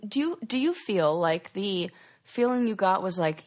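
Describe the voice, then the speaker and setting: A young adult woman co-hosting a podcast, reacting quickly and joking playfully. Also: medium pitch, animated, a little mellow. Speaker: podcast co-host. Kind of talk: casual chat.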